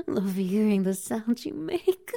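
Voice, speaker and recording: A woman voicing a dominant, teasing cat-like creature with a tail, in a slow, breathy whispered role-play with frequent soft laughs. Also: fairly high pitch, full character voice.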